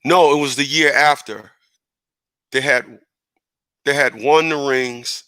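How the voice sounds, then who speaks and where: A man hosting a casual radio talk show, animated and rambling, correcting himself and chuckling as he goes. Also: mid-range voice, slow, dry recording.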